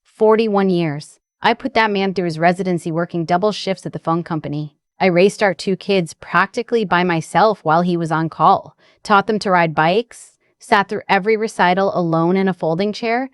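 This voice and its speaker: Older woman in her sixties, low-pitched, measured reflective storyteller; dry studio read for audio drama. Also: no echo. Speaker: first-person narrator. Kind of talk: scripted audio drama narration.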